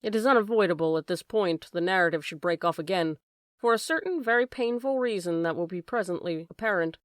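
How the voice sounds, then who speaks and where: A woman narrating an audiobook of a classic novel in a measured, even reading. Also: fairly low pitch, no room sound, studio quality. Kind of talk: scripted narration.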